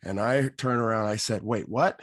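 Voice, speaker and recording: Man, low gravelly voice, animated storyteller, dry close sound. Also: moderate pace, no room sound. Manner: animated, lively storyteller acting out quotes. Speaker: podcast host. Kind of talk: casual storytelling.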